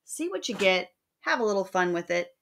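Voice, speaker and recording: A woman's voice: medium pitch, very animated, brisk, a bit bright. A woman teaching a recorded lecture, explaining terms plainly and reading verse examples aloud in a sing-song rhythm.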